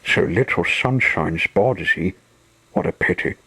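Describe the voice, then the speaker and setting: A man voicing a menacing villain tugboat in a storybook, sneering and whispered, low and breathy. The delivery stays sly and threatening. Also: animated, unhurried, bright, forceful tone, full character voice, poor audio.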